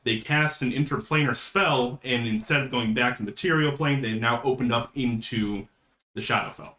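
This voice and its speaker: A man narrating a tabletop game as game master, setting scenes at a measured pace. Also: medium pitch, pushed and bright. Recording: roomy echo.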